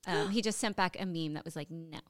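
A woman co-hosting a podcast in casual chat, expressive and quick to exclaim. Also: lowish voice, no room sound. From Florida. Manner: expressive, exclaiming, rising to indignation. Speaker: podcast co-host.

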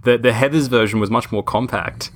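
A man's voice: mid-range voice, a little fast, slight background noise. A man co-hosting a podcast, chatting casually, laughing often and stumbling over his words. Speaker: podcast co-host. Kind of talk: casual chat.

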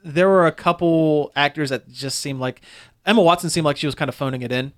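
Man, somewhat high-pitched, casual and rambling, reviewer type. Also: a little fast, fairly bright tone. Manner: rambling, frequent restarts and fillers. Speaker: movie reviewer. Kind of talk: casual chat.

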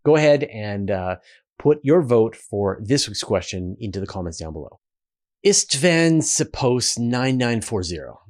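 A man with a Canadian accent hosting a relaxed question-and-answer show, talking casually with fillers and restarts. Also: lowish voice, measured pace. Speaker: host. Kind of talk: casual Q&A talk.

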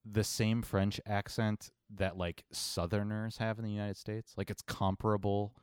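A man's voice: lowish voice, level tone, normal speed, a little mellow, smooth, dry recording, studio quality. A man co-hosting a podcast, talking in a sarcastic, rambling, swearing way. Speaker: podcast co-host. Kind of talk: casual chat.

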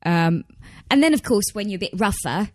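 A woman's voice: medium pitch, lively intonation, fairly quick, a little mellow, dry recording, clean studio sound. Chatty Australian woman voice actor. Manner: chatty, laughing, many fillers and restarts. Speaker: voice actor guest. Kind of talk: casual chat.

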